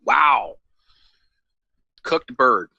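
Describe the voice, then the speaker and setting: A man with a bright voice co-hosting a casual comedy show. He tells game matchups with a lively, swinging melody, teases his partner and keeps things moving. The recording is dry and close. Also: medium pitch, drawn-out words, gravelly, breathy edge, no echo, highs cut off. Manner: animated storyteller, teasing, moves the show along. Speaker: co-host.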